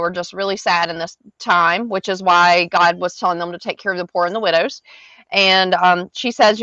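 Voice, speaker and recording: A woman's voice: mid-range voice, a bit bright, no room sound. A woman hosting a casual Bible study outdoors in a garden, reading verses and then explaining them in chatty everyday words. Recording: dull lo-fi dry sound.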